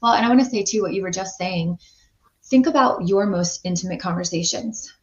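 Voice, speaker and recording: A woman's voice: medium pitch, fairly quick. A woman who works as a life and business coach, speaking as a guest in a podcast interview in a reflective, thoughtful way. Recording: echoey, muffled remote audio.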